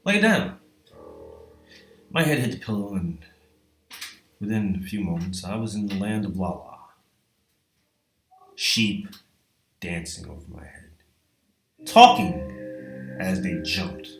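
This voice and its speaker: A man telling a comedic horror story in a profane, exasperated way, swinging between hushed whispers and shouts, recorded in an echoey room with music behind. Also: low-pitched, very animated, slow, long pauses, far from the mic.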